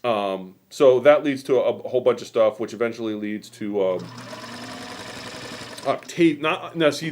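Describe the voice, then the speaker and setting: A man hosting a quilt shop stream, telling a history story in a rambling, animated way with many fillers and asides. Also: medium pitch, a little hiss or hum. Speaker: host.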